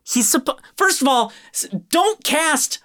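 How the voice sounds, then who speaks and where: A man's voice: very high-pitched, expressive, measured pace, sharp tone. A man co-hosting a podcast, ranting about a film with lots of swearing and exasperation. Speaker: podcast co-host reviewing a film. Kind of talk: casual chat.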